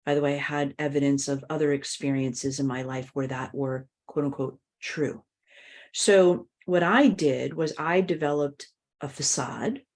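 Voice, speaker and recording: A reflective woman hosting a conversational podcast, her voice sitting fairly low. She speaks openly about personal matters, filling pauses with "you know". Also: steady tone, darkish tone. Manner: reflective, open, many "you know" fillers. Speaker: podcast host.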